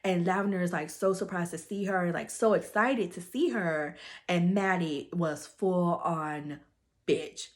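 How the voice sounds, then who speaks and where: A woman's voice: fairly low pitch, measured pace. A woman recapping a story in a chatty, gossipy way, leaning on fillers. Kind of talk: casual plot recap.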